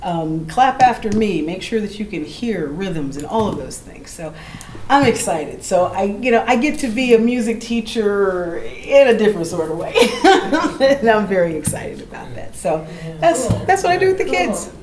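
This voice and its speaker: A middle-aged woman from Oakland, California, a jazz singer and teacher, telling lively stories between songs and acting out the voices of the people in them. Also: mid-range voice, normal speed. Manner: animated, acts out quoted voices, laughs easily. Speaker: jazz vocalist and educator. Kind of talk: storytelling between songs at a live gallery show. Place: gallery event space. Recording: roomy live room with ambient noise.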